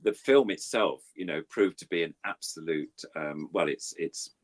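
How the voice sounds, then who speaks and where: Older puppeteer, deep voice, chatty and self-deprecating storyteller. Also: male voice, normal speed. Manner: rambling, self-deprecating storytelling with many fillers. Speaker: puppeteer guest. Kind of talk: anecdotal interview chat.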